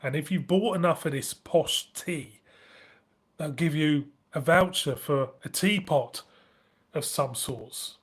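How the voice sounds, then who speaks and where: A man's voice: on the high side, slow pace, a bit bright. Chatty northern English man, laughing often. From northern England. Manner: chatty, laughs a lot, swears casually. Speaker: beer review channel host. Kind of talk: casual live-stream chat.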